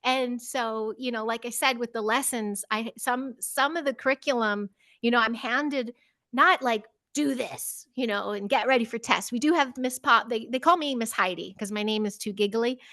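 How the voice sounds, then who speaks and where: A middle-aged woman and teacher, chatting as a podcast guest, telling lively stories and acting out children's voices with frequent laughter. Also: on the high side, moderate pace, dry recording. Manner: animated storyteller, acts out children's voices, laughs often. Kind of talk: casual interview chat.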